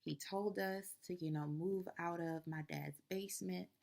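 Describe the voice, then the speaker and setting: A woman doing a soft, coaxing ancient husband. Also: fairly low pitch, steady tone, measured pace, gravelly. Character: sweet-talking ancient husband, smooth and coaxing.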